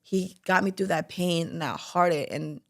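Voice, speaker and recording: Young female podcast host, frank faith testimony, gravelly edge, casual filler-heavy delivery. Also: lowish voice, normal speed. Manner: candid, lots of "like" fillers, animated quoting.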